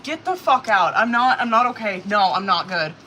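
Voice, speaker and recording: Woman tarot reader for a live stream, bright and brassy tone, swearing, rambling, faint room hiss behind. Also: a little high, expressive, normal speed, poor audio. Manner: casual, profane, filler-heavy, anxious reactions.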